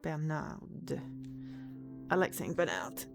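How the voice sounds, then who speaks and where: A woman's voice: lowish voice, expressive, unhurried, music in the background. A woman streamer chatting casually and rambling as she plays a game, laughing easily. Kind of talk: casual let's-play commentary.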